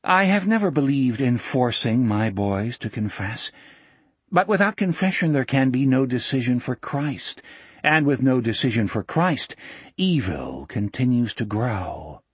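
A man voicing a smooth, falsely gentle preacher who speaks in a low, mellow, sanctimonious tone. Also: unhurried, dry recording. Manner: calm, sanctimonious, quietly menacing.

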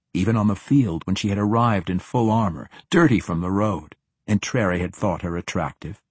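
Male audiobook narrator, steady fantasy reading, dry close sound. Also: lowish voice, slightly rough, dry recording. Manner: steady, measured storytelling.

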